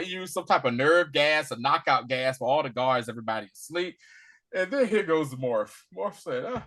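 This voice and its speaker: A man co-hosting a podcast, recapping an episode in casual chat, acting out the characters' lines with quick voiced quotes and laughter. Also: on the high side, big pitch swings, a bit bright. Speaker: podcast co-host.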